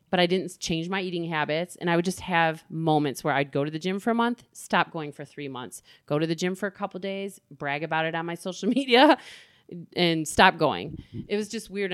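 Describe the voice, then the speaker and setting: A woman's voice: sits low, smooth, no echo, studio quality. A middle-aged woman, a guest in an interview, speaking candidly and openly about her own life. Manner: candid, open, swearing freely.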